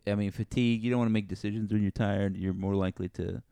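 A man's voice: on the low side, fairly even intonation, fast talker, gravelly, warm tone, smooth, dry recording. A man co-hosting a casual chat, teasing and joking with dry sarcasm.

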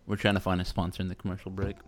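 A man's voice: low-pitched, monotone, racing. A man, co-hosting a podcast in rambling, self-mocking casual chat. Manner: rambling, loose and self-mocking, with playful put-on quotes. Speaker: podcast co-host.

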